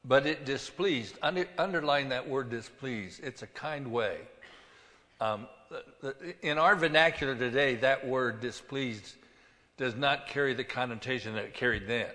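A man preaching a sermon as pastor, reading scripture slowly and stressing words with emphasis. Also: mid-range voice, bright, forceful tone, long reverb tail.

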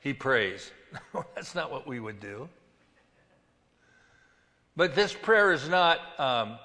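A man preaching a sermon as pastor, reading scripture slowly and stressing words with emphasis. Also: fairly high pitch, lively intonation, bright, forceful tone, in a large hall.

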